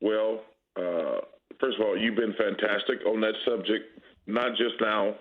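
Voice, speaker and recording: A man's voice: on the low side, steady tone, measured pace. Blunt man in his fifties, phone line. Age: 50s. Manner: blunt, candid, emphatic. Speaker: guest basketball analyst. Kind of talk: casual sports talk. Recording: tinny phone-line audio.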